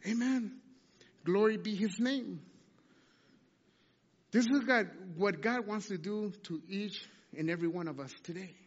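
A man preaching a sermon, animated and asking the congregation question after question. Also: sits high, unhurried, pauses often. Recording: dull sound with long hall reverb.

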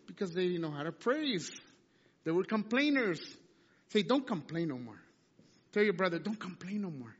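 High-voiced preacher in an echoing hall. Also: male voice. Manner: animated, asks the congregation questions. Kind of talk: sermon. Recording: dull sound with long hall reverb.

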